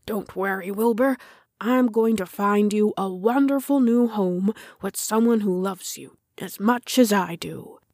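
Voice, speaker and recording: Woman voicing a fatherly male farmer, soft and low, storybook reading. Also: measured pace, no room sound, clean studio sound. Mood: reassuring. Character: kind adult male farmer, calm and caring.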